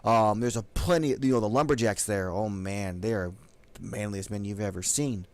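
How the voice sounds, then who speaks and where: A man's voice: on the low side, moderate pace, no room sound, voice pushed down, lightly acted. A man doing a flirty woman town guard. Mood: gushing. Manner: coy, teasing, drops to a soft hush.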